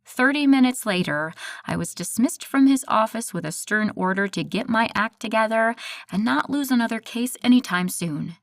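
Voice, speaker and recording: A woman narrating a first-person audiobook in a steady, measured storytelling voice. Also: a little high, no echo, studio quality.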